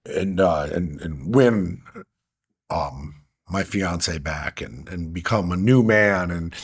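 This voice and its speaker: A man earnestly recounting a hard personal story as a podcast guest, halting with restarts and fillers. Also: low voice, husky.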